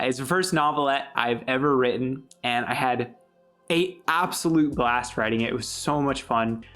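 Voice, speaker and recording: A young man answers viewer questions in an easygoing, chatty way, laughing often. His voice sits at an ordinary middle pitch. Light music plays quietly underneath. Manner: chatty, upbeat, laughs easily. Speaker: YouTube creator. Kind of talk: casual Q&A monologue.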